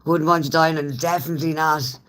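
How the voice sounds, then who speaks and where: A woman's voice: low-pitched, steady tone, brisk, fairly bright tone. An Irish woman and smoker chatting casually with viewers on a live stream, laughing often as she talks. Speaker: livestreamer.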